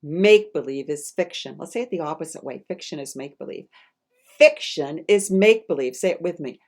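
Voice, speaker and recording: Woman, children's author, reading her picture book aloud, lively, gets kids to repeat after her, fairly low voice. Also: a little fast. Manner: animated, call-and-response with young listeners; chatty, teacherly asides.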